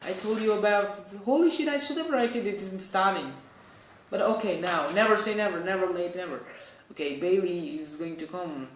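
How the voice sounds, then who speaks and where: Hosting a casual news show, a man with a fairly high voice rambles and stops to correct himself, sounding animated and loose at a normal speed. The room is noticeably echoey, with slight background noise.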